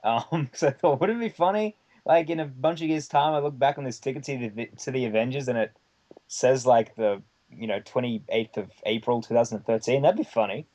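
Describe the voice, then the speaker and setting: A man's voice: mid-range voice, brisk, warm tone, muffled recording. Chatty man telling a rambling story. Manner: rambling anecdote with many fillers and casual swearing. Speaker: podcast guest. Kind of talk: casual storytelling chat.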